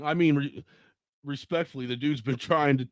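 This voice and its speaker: A man's voice: on the high side, normal speed, no room sound. A man hosting a casual live stream who laughs a lot and snaps back when someone talks over him. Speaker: stream host.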